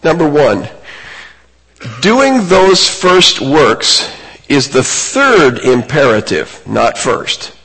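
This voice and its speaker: A man preaching a sermon in a slow, deliberate way with a slightly husky voice. He speaks earnestly and lifts his voice to stress key points. His words ring with the long reverb of a large sanctuary. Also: very animated, fairly bright tone. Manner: earnest, emphatic, rises in pitch on key points.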